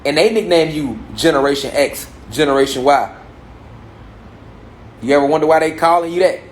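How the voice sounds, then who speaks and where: With a voice on the high side at normal speed, a man in his thirties with an African American Vernacular English accent lectures a gathered audience on spirituality in a large room. He uses rhetorical questions and repetition to drive his points home. The sound is roomy, with slight background noise.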